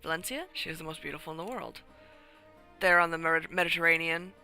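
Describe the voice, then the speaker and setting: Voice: medium pitch, fairly even intonation, quick pace, sharp tone, faint music behind. A streamer voicing a flirtatious Spanish countess in a put-on Spanish accent, with broken, dramatic English. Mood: coy.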